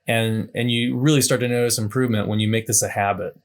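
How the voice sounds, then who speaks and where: A man's voice: fairly low pitch, fairly even intonation, fast talker. A man teaching listeners how to fix their tones in a loose, conversational way, with frequent restarts and asides. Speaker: language teacher. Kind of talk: casual unscripted teaching talk.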